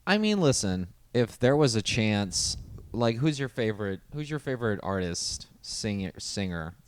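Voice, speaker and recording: A young man co-hosting a casual comedy podcast, telling animated stories and slipping into impressions of other people. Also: fairly low pitch, normal speed, clear, resonant tone. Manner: animated storyteller, breaks into laughter, mimics voices. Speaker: podcast co-host.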